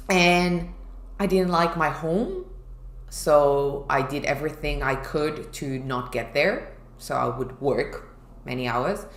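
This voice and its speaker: Candid woman telling her story, echoey room. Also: lowish voice. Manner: candid and emotional, acting out her past self. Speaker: podcast co-host. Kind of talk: personal storytelling chat.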